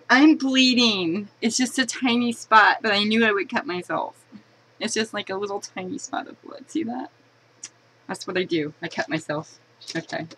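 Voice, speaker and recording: A woman's voice: lowish voice, background noise. A woman chatting casually while unboxing a collectible, giggling and poking fun at herself. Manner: chatty, giggly, self-mocking.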